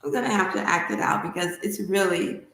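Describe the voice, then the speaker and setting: A woman hosting a spiritual livestream, teaching and telling a myth with enthusiastic, animated delivery. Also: on the low side, fairly quick. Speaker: spiritual study host. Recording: echoey room.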